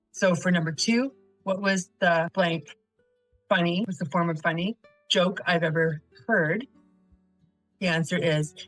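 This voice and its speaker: A woman's voice: fairly low pitch, no echo, low-quality recording. Methodical woman teaching essay grammar. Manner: methodical, reads example sentences aloud; quizzes the viewer, then gives answers. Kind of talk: recorded video lesson.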